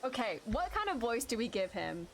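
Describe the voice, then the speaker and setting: A woman's voice: fairly high pitch, sing-song, normal speed, a little hiss or hum. A woman streamer giving live game commentary, joking and giggling, with game music under the voice.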